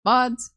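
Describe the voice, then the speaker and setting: A woman's voice: pushed and bright, dry recording, studio quality. A young woman, chatting casually and teasingly with her viewers on a live stream while she draws, swearing freely. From Canada.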